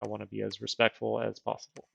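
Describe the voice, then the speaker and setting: A man's voice: fairly low pitch, monotone, fast, creaky, a bit bright, breathy edge, no echo, lo-fi sound. A man livestreaming a strategy game, chatting casually and thinking aloud in a rambling, self-deprecating way while wearing dental retainers. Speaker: streamer.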